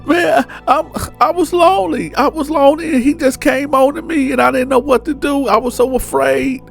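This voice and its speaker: A man voicing a terrified woman who begs and sobs in a high falsetto. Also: steady tone, normal speed, creaky, faint music behind. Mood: pleading, sobbing. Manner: breathless begging, high falsetto. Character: sobbing terrified adult woman, pleading, high-pitched.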